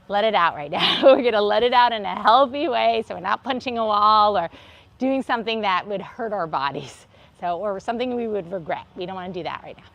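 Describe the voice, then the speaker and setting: A woman's voice: medium pitch, lively intonation, a little fast, creaky, fairly bright tone, highs cut off. A woman leading a live wellness and laughter yoga class, upbeat, encouraging and playful as she guides stretches and breathing. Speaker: wellness instructor. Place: livestream.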